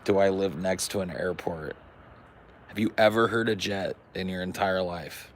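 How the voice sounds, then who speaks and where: Low voice, man, podcast host, profane rambling banter, faint background noise. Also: steady tone, normal speed. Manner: rambling, profane, says "dude" and "like" a lot. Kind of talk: crude casual podcast banter.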